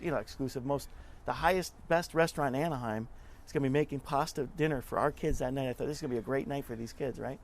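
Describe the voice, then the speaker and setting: A man guest in an interview, telling stories in an earnest, conversational way and often repeating words as he talks. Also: medium pitch. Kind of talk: conversational storytelling.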